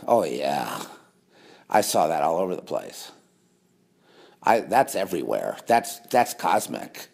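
A man's voice: sits low, sing-song, measured pace, vocal fry, a little mellow. A man delivering a rambling monologue to camera, sarcastic, with mocking asides. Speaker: conspiracy video host.

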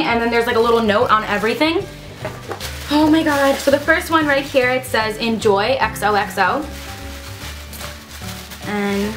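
A woman's voice: a little high, a bit bright. A young woman vlogging casually at home, bubbly and gushing, squealing with delight as she talks. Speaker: beauty vlogger. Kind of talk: casual unboxing vlog.

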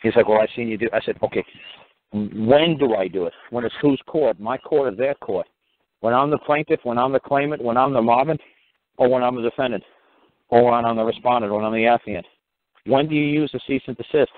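A man's voice: mid-range voice, fairly quick, dry recording. A middle-aged man with a New York accent, giving blunt, profane, emphatic advice on a call-in talk show. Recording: tinny phone line.

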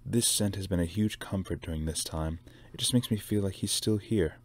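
A man's voice: deep voice, moderate pace, a little mellow. A man voicing a haughty vain woman influencer. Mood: fake mournful. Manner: haughty, scornful. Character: vain, spoiled woman influencer fearing age.

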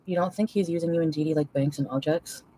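A woman's voice: sits low, steady tone, fast, mellow, husky, no echo. A young woman livestreaming an angry, profane, rambling rant full of fillers.

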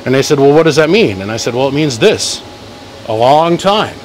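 A man talking loudly in his workshop, running a live-stream battery test, calling out "one, two" mic checks and greeting viewers by name. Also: mid-range voice, expressive, moderate pace, slight background noise, poor audio. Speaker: host testing a car-audio battery. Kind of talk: casual live-stream demo. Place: workshop garage. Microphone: phone mic for live feed plus chest mic.

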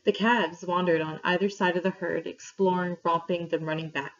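A woman reading a story aloud to her class, clear and steady, pausing for questions. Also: fairly low pitch. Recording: dull lo-fi recording.

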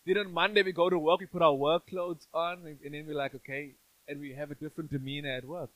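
A man's voice: fairly high pitch, steady tone, fast talker, a bit bright, no room sound, poor audio. A male pastor giving a sermon in a church, conversational and playful, often asking the congregation questions.

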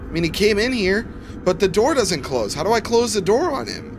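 A young man streaming a horror cooking game live, grumbling and swearing constantly, with sudden bursts of shouting. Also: sits high, big pitch swings, a little fast, noisy background. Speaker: gaming streamer. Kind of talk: live gameplay commentary.

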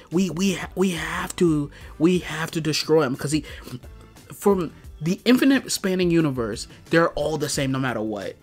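Exasperated man ranting in a review. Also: fairly high pitch. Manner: exasperated, profane, heavy use of "like". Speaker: video reviewer.

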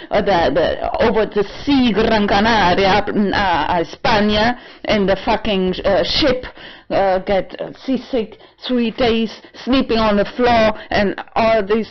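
A woman in her apartment, rambling in a personal vlog with non-native English phrasing, halting restarts and sudden swearing, a little tipsy. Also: mid-range voice, dull audio. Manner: halting, many restarts and fillers, swings into swearing and emotional outbursts. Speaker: vlogger. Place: own apartment.

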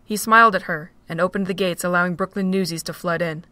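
A woman narrating a fan-made audio drama in a steady storytelling manner. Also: lowish voice, quick pace, no room sound.

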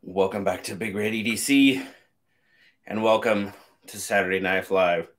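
A man's voice: lowish voice, measured pace, a bit bright. A man hosting a casual live stream, upbeat and chatty, greeting viewers by name and a little out of breath. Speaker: knife channel host.

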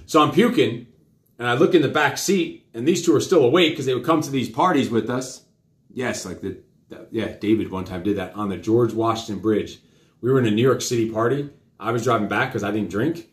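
A man's voice: medium pitch, fairly quick. A man hosting a live show, telling a story to his children in a rambling, profane, casual way. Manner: rambling, profane, with many fillers. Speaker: host and father. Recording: roomy echo.

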